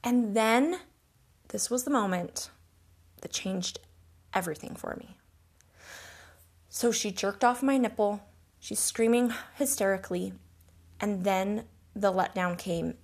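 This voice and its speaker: A woman's voice: mid-range voice, slow, long pauses. A woman hosting a podcast, telling a personal story in an earnest, reflective and emotional way. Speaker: podcast host.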